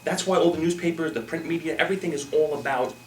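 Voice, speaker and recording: A man's voice: a little high, fast talker. A man leading a Toastmasters-style workshop, giving a live motivational talk and acting out people's reactions. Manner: animated, acts out quoted reactions. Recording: roomy, from a distance, faint noise.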